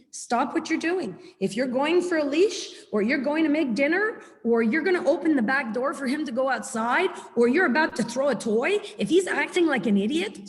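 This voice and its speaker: A woman giving a chatty, animated webinar lecture as a dog trainer over a video call. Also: sits high, in a large hall.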